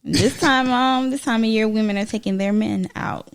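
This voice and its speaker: A woman's voice: on the high side, fairly even intonation, moderate pace, clear, resonant tone. A woman co-hosting a podcast, playful in casual chat with her co-hosts. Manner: playful, laughs often. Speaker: podcast co-host.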